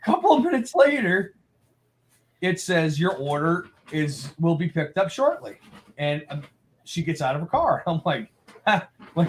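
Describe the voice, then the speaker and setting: A man's voice: fairly high pitch, sing-song, measured pace. A man hosting a casual live talk show, telling a funny story with lots of laughter. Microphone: own mic at home.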